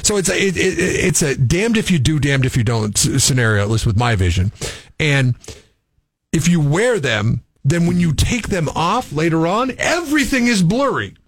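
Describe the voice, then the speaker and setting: A man's voice: on the high side, big pitch swings, moderate pace, no room sound. A man co-hosting a casual morning radio show, rambling wryly through stories. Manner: rambling, wry, storytelling.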